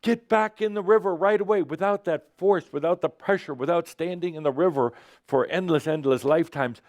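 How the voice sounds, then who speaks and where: A man voicing a panicked, nagging human mind that scolds in rapid-fire questions. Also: on the high side, a little mellow, no echo, studio quality, voice pushed up, lightly acted. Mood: frantic.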